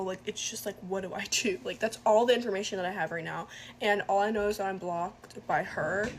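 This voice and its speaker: A woman's voice: mid-range voice, noisy background. A young woman telling a storytime to camera, rambling and unsure, full of "like". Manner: rambling, unsure, heavy use of "like".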